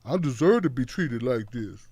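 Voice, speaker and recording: A man's voice: mid-range voice, lively intonation, normal speed, mellow, slightly rough, no echo, voice pushed down. A man voicing a defeated poor man who blames himself, mumbling and sheepish in his speech. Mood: self-pitying. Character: self-blaming poor man, meek and defeated.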